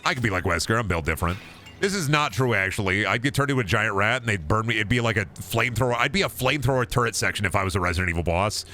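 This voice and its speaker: Bright-voiced man riffing sarcastically over a game. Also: lowish voice, animated, rapid-fire, a little hiss or hum. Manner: rambling, sarcastic, profane, riffing with goofy voices. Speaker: streamer. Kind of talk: casual gameplay commentary.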